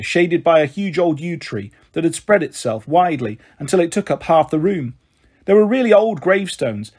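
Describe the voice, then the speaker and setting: A man with a slightly high, husky voice reads a children's novel aloud. He narrates gently and shifts his tone as he moves between characters. The delivery is steady and made for young listeners. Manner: gentle, voices the characters with raised and lowered pitch. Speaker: storyteller reading aloud.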